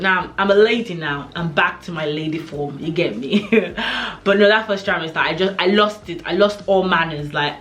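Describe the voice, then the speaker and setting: A young pregnant woman vlogging in a chatty, animated way, telling stories to camera. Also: on the low side. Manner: chatty, animated storytelling with many "like" and "oh my God". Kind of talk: casual chat to camera.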